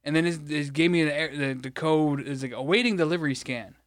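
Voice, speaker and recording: A man's voice: fairly high pitch, brisk, dry recording, clean studio sound. A man from Michigan, co-hosting a podcast, rambling through an exasperated, profane story in casual chat. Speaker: podcast co-host.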